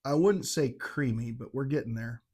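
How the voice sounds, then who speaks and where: A man's voice: mid-range voice, moderate pace, darkish tone, slightly rough. A middle-aged man giving a casual, rambling and irreverent whiskey tasting review, poking fun at himself. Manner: rambling, irreverent, self-mocking.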